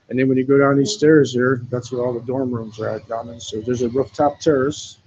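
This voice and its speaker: Touring a hostel in Thailand on a live stream, a man talks into his phone in a medium-pitched, slightly mellow voice with vocal fry. He's easygoing, swears a lot and says "man" constantly, and the audio sounds dull.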